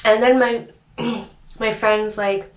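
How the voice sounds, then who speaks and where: A woman's voice: fairly high pitch, slow, slight background noise. Chatty young woman, roomy and distant. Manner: chatty, animated, many fillers. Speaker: vlogger. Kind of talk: storytime chat. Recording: roomy echo, distant mic.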